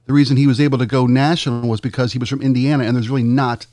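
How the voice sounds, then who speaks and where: A man's voice: medium pitch, flat delivery, racing, darkish tone, dry recording, studio quality. A man with a Baltimore accent, co-hosting a casual podcast chat in a rambling, joking, playfully opinionated way. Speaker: co-host.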